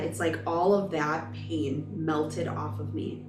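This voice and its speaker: A woman's voice: deep voice, flat delivery, measured pace, echoey room, far from the mic, music in the background. A woman in her thirties, a spiritual vlogger, telling a personal story in an emotional, emphatic, gushing way.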